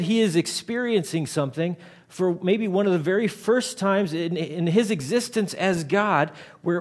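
A man in his thirties, a pastor giving a conversational sermon, often repeating words as he starts a thought. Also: high-pitched.

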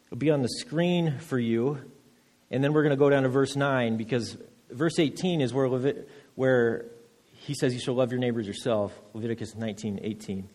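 A man pastor giving a sermon, reading scripture slowly and then preaching with rising emphasis and repeated words. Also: mid-range voice, darkish tone. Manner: repeats words when restarting phrases. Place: church.

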